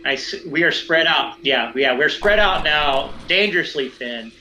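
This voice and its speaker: Brief: excitable male player, high lively voice, theatrical, faint background hiss. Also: normal speed, rough recording. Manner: animated, theatrical, laughing often. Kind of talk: tabletop role-play session.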